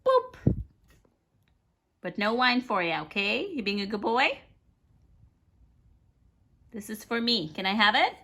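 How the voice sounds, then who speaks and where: A woman talks to her pet bird at home in a bright, lively voice that swoops from high to low. She coaxes, teases and scolds it gently in doting baby talk. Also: takes it slowly, pauses often. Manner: playful sing-song scolding, coaxing baby talk. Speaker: pet owner filming her parrot. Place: home indoors, by a fireplace.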